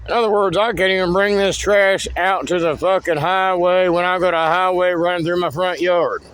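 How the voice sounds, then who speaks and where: A man's voice: high voice, normal speed, a bit bright, smooth. A man giving a rambling, cryptic walking tour of his wooded land outdoors, swearing freely. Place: outdoors in woods.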